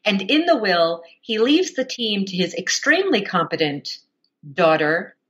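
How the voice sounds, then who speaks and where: A woman audiobook narrator, a guest on a podcast, telling stories in a lively, chatty way and laughing often. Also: mid-range voice, a little slow, highs cut off. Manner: animated storytelling with frequent laughs. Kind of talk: casual podcast interview.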